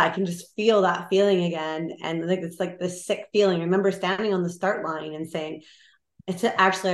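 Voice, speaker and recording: A woman in her thirties from Canada, chatting openly as an interview guest. Her voice sits a little low and she talks in a lively, unguarded way with plenty of fillers. The room around her gives an audible echo. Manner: candid and animated, with many fillers. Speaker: guest, Olympic marathoner. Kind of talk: casual interview chat. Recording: roomy echo.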